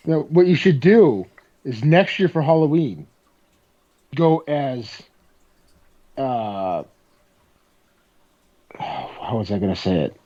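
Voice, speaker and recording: A man's voice: mid-range voice, expressive, takes it slowly, long pauses, mellow. A man hosting a podcast in casual chat, laid-back and joking. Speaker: podcast host. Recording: dull lo-fi sound.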